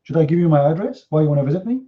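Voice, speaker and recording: Male debate host, fairly high voice, combative and sarcastic, non-native English, slightly muffled stream audio. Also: expressive, racing. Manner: confrontational, mocking, rhetorical questions. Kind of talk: heated live online debate.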